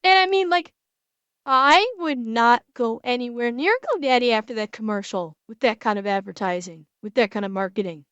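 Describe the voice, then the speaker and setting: A woman's voice: fairly high pitch, normal speed, fairly bright tone, clear, resonant tone, no room sound, highs cut off. A woman streamer reacting to videos in casual commentary, emotional and exclaiming, close to tears and swearing.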